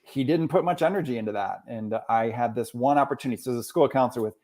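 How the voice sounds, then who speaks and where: Man in his forties, animated guest storyteller. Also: medium pitch, fast. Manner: animated storyteller, often quotes others. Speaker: school counselor. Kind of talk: casual podcast conversation.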